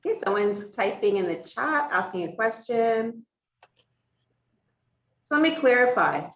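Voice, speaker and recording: A woman's voice: a little high, animated, measured pace, fairly bright tone. A woman interpreting for a teacher, voicing a sign language lesson in the first person and explaining each point step by step. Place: classroom for a hybrid in-person and online class. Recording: echoey room from far off.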